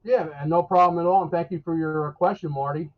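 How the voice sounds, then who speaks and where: In a casual live interview, a New weatherman rambles folksily about the forecast, stopping and restarting sentences at a quick pace with fairly even intonation. His voice sits a bit high for a man and comes through a thin, tinny, phone-like line.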